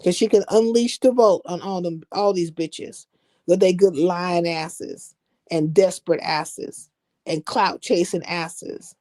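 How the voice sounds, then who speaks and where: A woman's voice: on the low side, steady tone, slow, warm tone. A woman chatting on a live stream in blunt, slangy, profane trash talk. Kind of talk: casual chat.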